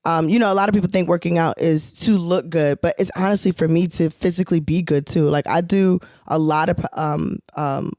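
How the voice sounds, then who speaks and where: A woman's voice: fairly low pitch, steady tone, fairly quick, few pauses, darkish tone, dry recording, studio quality. A young adult woman co-hosting a podcast, chatting casually and rambling with many fillers. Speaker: podcast co-host, touring singer. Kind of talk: casual chat.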